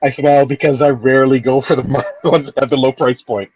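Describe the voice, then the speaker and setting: A man's voice: medium pitch, flat delivery, fast talker, a little mellow, slightly rough, no echo, lo-fi sound. A man chatting easygoing as a guest, laughing lightly between points. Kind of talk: casual chat.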